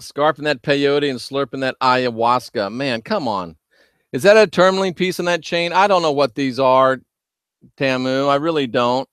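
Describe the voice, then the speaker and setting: A man hosting a livestream, talking loudly and emphatically while reading viewer chat. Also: mid-range voice, moderate pace, clear, resonant tone, no echo, studio quality. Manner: loud, shouting, emphatic. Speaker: host.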